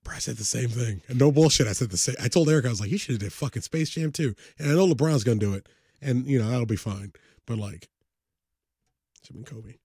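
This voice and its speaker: A man's voice: medium pitch, quick pace, slightly rough, no room sound, studio quality. A man co-hosting a sports podcast in loose, profane casual chat. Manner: profane, animated, breaks into song. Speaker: podcast co-host.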